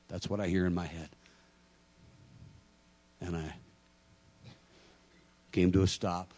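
A middle-aged pastor preaching a sermon, acting out lively stories with self-deprecating humor and stammers. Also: male voice, low-pitched, unhurried, pauses often. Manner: animated storytelling, acting out dialogue.

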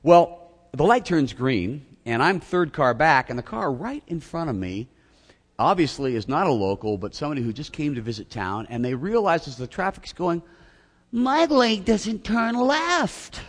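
The long reverb of a hall surrounds this middle-aged male pastor, who speaks at medium pitch and normal speed. During his sermon he tells an animated, self-mocking story and mimics shouting.

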